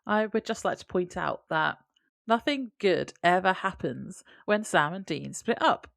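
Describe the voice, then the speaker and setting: A woman's voice: fairly low pitch, lively intonation, unhurried, creaky, fairly bright tone, no room sound, studio quality. A woman co-hosting a podcast, chatting casually about a TV episode and laughing often. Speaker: podcast co-host. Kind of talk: casual TV episode recap chat.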